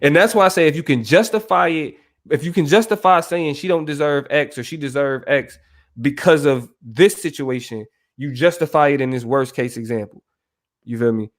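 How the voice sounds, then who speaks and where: Man co-hosting a podcast chat, slightly high voice, emphatic and searching for words. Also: normal speed. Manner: emphatic, keeps asking "you feel me". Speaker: podcast co-host. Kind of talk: casual podcast discussion.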